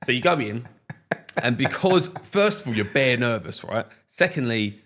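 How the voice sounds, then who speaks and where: A young man, a podcast guest telling stories in casual chat, slangy and animated, laughing often. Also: medium pitch, moderate pace.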